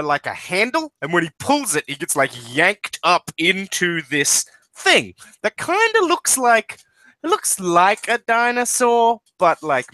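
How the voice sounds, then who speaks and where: A man's voice: high voice, bright, forceful tone, dry recording, poor audio. A man running a comedic tabletop game as game master, narrating loosely with plenty of fillers and laughs. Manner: rambling, full of fillers and laughs.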